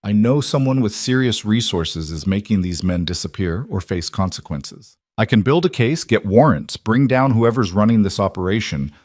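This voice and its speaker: A weary, blunt female detective, read by a male narrator in his own low voice, pressing her questions in measured, level tones. The sound is dry and close to the mic, with no room around it. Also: darkish tone, dry recording, close to an everyday voice. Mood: weary, earnest.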